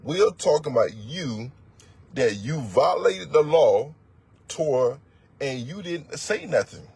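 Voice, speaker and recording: A man's voice: medium pitch, animated, slow, creaky, darkish tone. A man teaching as a religious elder, preaching in a blunt, profane, emphatic way and repeating words for force. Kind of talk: fiery sermon-style teaching.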